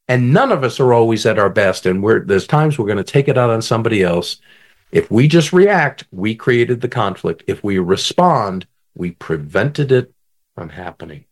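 A man speaking as a conflict coach and author in an interview, animated, often asking the host to finish his sentences. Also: medium pitch, normal speed. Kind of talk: guest in an interview, coaching talk.

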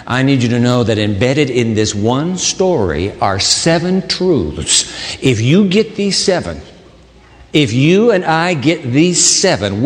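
A man preaching a sermon as pastor, dramatic, swinging between loud emphasis and hushed low asides. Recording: long reverb of a large hall.

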